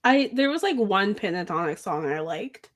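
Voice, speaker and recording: A woman's voice: mid-range voice, lively intonation, moderate pace. A woman co-hosting a podcast in casual chat, rambling and giggling and tripping over words. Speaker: podcast co-host.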